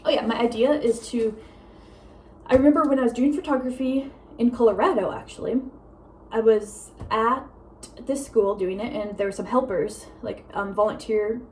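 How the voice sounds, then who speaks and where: A young woman vlogging casually at home, a self-described fast talker who rambles with many fillers. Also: fairly high pitch, darkish tone, slight background noise, poor audio. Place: home with a meowing cat.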